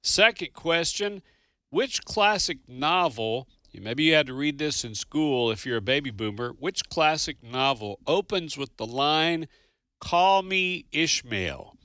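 A man's voice: a little high, lively intonation, measured pace, sharp tone, dry recording, studio quality. A man co-hosting a radio trivia show, greeting callers and asking questions. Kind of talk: casual radio chat.

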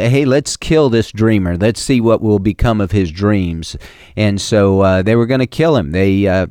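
A male preacher delivers a sermon in a folksy, conversational manner, often pausing on fillers and restarting phrases. His voice sits on the low side. The sound is dry and close, with no room echo. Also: a little mellow, clean tone.

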